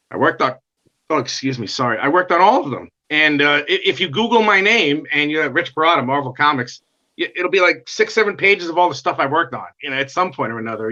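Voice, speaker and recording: A middle-aged man telling his life story in a casual interview, animated and acting out the voices of others. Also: fairly high pitch. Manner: animated, acts out quoted dialogue. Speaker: guest comic artist. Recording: dull lo-fi sound.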